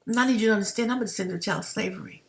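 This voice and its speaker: A woman speaks in an impassioned, preaching way, calling her viewers family. Her voice sits at an ordinary middle pitch. She talks to camera in a commentary vlog. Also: racing. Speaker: YouTube commentator.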